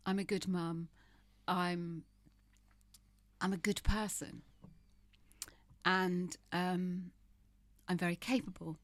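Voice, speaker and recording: Frank woman in her fifties, low voice. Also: flat delivery, takes it slowly, pauses often, dry recording. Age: 50s. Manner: frank, laughs often, swears, shifts between humor and grief. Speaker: podcast guest. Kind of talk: candid conversational interview.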